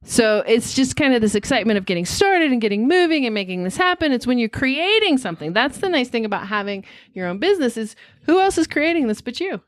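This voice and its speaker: A woman with a fairly high voice hosts a relaxed podcast chat, speaking earnestly and reflectively. The sound is dry and close to the mic. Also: fast, few pauses, no echo. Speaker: podcast host. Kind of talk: casual podcast conversation.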